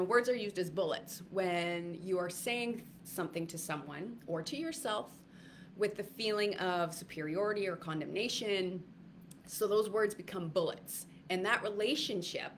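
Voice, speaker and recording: A woman with a fairly low voice speaks to her livestream viewers in a loose, rambling way, often restarting her sentences and filling pauses with ums. A faint hiss of ambient noise sits behind her. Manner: rambling, many fillers and restarts. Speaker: wellness retreat speaker. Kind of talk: casual livestream talk.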